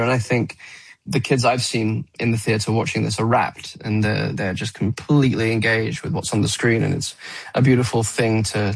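Earnest husky gravelly-voiced man. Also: mid-range voice, low-quality recording. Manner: earnest, searching for words with restarts. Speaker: actor guest. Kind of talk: radio interview.

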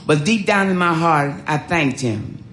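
An older woman, telling her life story in an animated, laughing way. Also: low voice, unhurried, a little hiss or hum. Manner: animated, laughing, acts out voices. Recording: roomy echo.

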